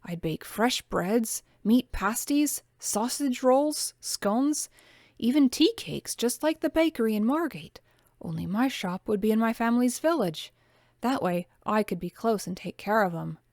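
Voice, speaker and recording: A woman's voice: fairly high pitch, expressive, unhurried, darkish tone, no room sound, studio quality, voice pushed up. A woman reading the part of a young working-class woman who dreams of owning a bakery, eager and wistful.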